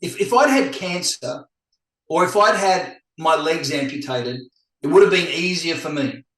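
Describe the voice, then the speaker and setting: A middle-aged man talking candidly as a podcast guest, animated and acting out the voices he quotes. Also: a little high, a little slow. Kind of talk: casual podcast conversation. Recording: echoey room.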